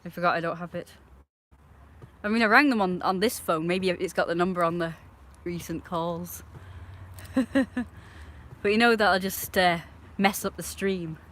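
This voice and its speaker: A woman's voice: fairly low pitch, normal speed, pauses often, fairly bright tone. A woman chatting casually on a live stream, talking to her viewers and scolding her dog.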